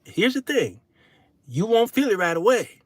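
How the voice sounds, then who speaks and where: A middle-aged man hosting his own show in a solo monologue, turning from preachy sermonizing to folksy comic storytelling with shouted punchlines. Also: high voice, sing-song, normal speed, no room sound. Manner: folksy, casual speech. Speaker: show host.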